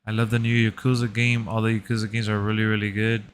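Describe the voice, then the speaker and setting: A young man with a slightly low voice, chatting easily during a game stream. His speech is loose and slangy, and he often says "bro". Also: level tone, quick pace, a little hiss or hum. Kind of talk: casual chat.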